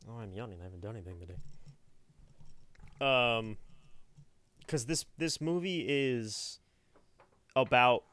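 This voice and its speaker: A man's voice: mid-range voice, a little slow, long pauses, fairly bright tone, no echo. A young man co-hosting a podcast, talking through his opinions at length in a casual chat. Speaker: podcast co-host.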